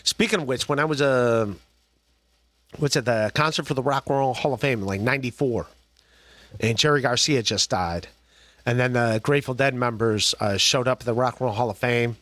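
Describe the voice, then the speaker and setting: Male podcast host, casual rambling chat, lots of restarts and chuckles, mid pitch, dry close sound. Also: normal speed, fairly bright tone, no room sound. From Ohio. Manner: rambling, laughs often, many restarts and fillers.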